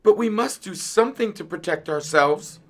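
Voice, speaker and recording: A man doing a gentle mouse wife. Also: high voice, expressive, moderate pace, pitched above the performer's own voice, exaggerated voice. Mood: concerned.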